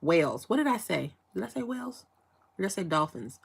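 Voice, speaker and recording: A woman's voice: mid-range voice, big pitch swings, brisk, gravelly, breathy edge. A woman from Chicago hosting a casual live chat, asking rambling questions with frequent restarts and fillers. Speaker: livestream host.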